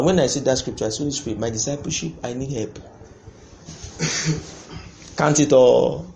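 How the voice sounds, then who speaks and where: A man preaching a sermon, impassioned, breaking into sudden loud bursts. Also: a little high, a little hiss or hum.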